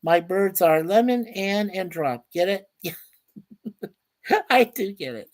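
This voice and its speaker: A man's voice: high-pitched, animated, slow, pauses often. Chatty man hosting a casual livestream. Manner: reads viewer comments aloud and greets viewers by name; chatty, stumbles and repeats words. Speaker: livestream host.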